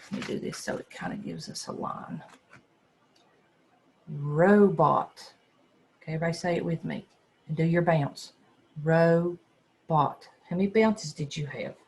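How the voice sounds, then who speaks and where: Teacher for a phonics lesson, mid-pitched, gravelly edge, spells letters aloud patiently. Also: darkish tone, slight background noise. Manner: patient, sounds words out slowly and spells letters. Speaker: second grade teacher. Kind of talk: phonics lesson for young children.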